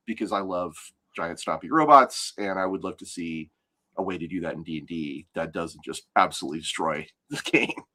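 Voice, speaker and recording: A man from Arkansas, hosting a casual podcast chat, joking and laughing often. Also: low-pitched. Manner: jokey, laughs often, trails off softly. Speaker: podcast host.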